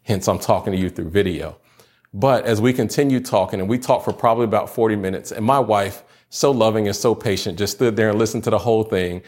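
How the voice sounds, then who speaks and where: A man's voice: on the low side, fast talker, a little mellow. A young adult man, a pastor, giving a chatty, humorous sermon to students by video. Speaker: youth pastor.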